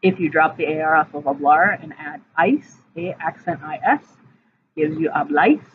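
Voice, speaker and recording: A woman's voice: deep voice, expressive, normal speed. Woman, Spanish teacher in a recorded lesson; methodical, checks in with "right?"; tinny lo-fi audio. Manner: explains step by step, checks in with "right?". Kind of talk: recorded vocabulary and grammar lesson. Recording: tinny lo-fi audio with faint hiss.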